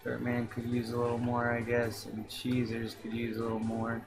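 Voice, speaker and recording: A man chatting loosely over a video game he is playing, quick to swear and tossing in a goofy pirate "yar". His voice sits at an ordinary middle pitch, with game music playing behind him. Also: monotone. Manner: joking, swears, drops into a playful pirate "yar". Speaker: gameplay streamer. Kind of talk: casual let's-play commentary.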